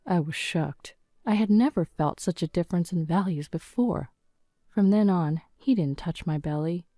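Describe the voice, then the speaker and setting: A woman narrating a scripted first-person story in a calm, even manner. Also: on the low side, normal speed, no room sound, studio quality.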